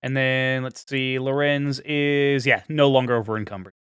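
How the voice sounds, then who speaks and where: A man's voice: medium pitch, steady tone, normal speed, fairly bright tone, clear, resonant tone, no echo, clean studio sound. A young man narrating as game master, rambling with fillers and restarts.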